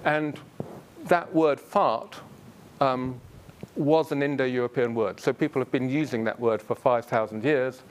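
A man lecturing in a college hall at a middling pitch, chatty and unhurried, with plenty of ums and uhs. A faint low rumble sits under his voice. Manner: relaxed, many ums and uhs. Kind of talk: public lecture on word history.

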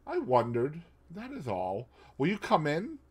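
A man's voice: on the high side, huge pitch swings, measured pace, slightly rough, pitched above the performer's own voice, heavily acted. A man voicing a fussy middle-aged Belgian male detective, asking precise, probing questions.

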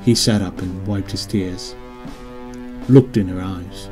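A man narrating his own audiobook in a measured, descriptive storytelling manner. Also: lowish voice, fairly even intonation, music in the background. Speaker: author and narrator.

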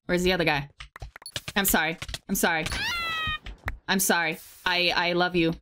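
A woman's voice: on the low side, flat delivery, normal speed, fairly bright tone, a little hiss or hum. A woman casually retelling a legend while playing a game, rambling and chatty with lots of filler words and sudden reactions to the game. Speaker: gaming video creator.

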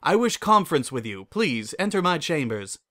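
A man's voice: a little high, big pitch swings, normal speed, pushed and bright, voice pushed up. A man voicing a commanding princess pony who talks in a formal, mischievous, teasing way.

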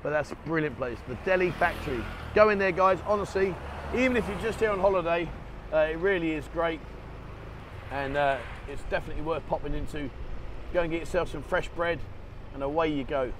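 An enthusiastic man rambles cheerfully to his camera while walking outdoors. His voice sits a little high. Traffic and street noise carry clearly behind him. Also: fairly quick. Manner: chatty, enthusiastic, rambling with fillers. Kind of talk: casual walking vlog.

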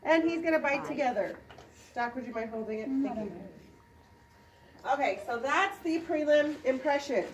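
A woman, a dental instructor, demonstrating a procedure to a class and quizzing students with quick questions. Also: high voice, animated, far from the mic. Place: clinic classroom. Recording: roomy sound from off-mic.

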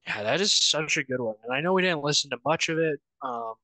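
A young man from Wyoming co-hosting a casual music chat, animated and laughing often as he trails off and restarts. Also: on the high side, fast talker, no echo, low-quality recording. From Wyoming, United States. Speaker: podcast co-host presenting songs.

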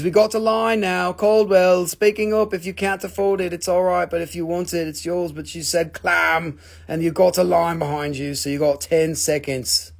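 A man sells crystals on a live stream and keeps up a steady run of silly jokes with his buyers. His voice sits high and has a gravelly, crackly edge. He teases, counts buyers down, and lets his pitch jump suddenly when he gets excited. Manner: goofy, teasing, jumps into high excited squeals. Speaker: host of a live online rock and mineral sale. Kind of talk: joking live-stream sales banter.

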